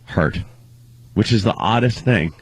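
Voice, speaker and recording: Man, new york accent, husky flu voice, low, dry studio, faint music bed. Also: animated. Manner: halting, trailing off, complaining. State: sick with the flu, stuffy. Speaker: radio show co-host. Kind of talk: casual radio banter.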